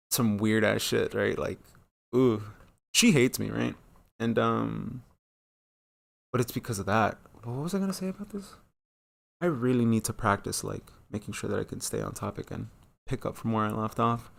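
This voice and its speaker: Gravelly man in his thirties ranting. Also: fairly bright tone. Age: 30s. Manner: rambling, profane, loses his train of thought; acts out quoted dialogue with sudden high jumps in pitch. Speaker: solo talk channel host. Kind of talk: casual monologue.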